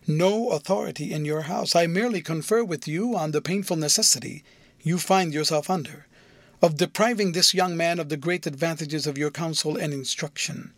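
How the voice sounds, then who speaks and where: A man voicing a prudent, evasive older cathedral dean in an audiobook, speaking smoothly and hedging every point. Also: fairly high pitch, moderate pace, dry recording, natural voice. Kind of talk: audiobook character voice.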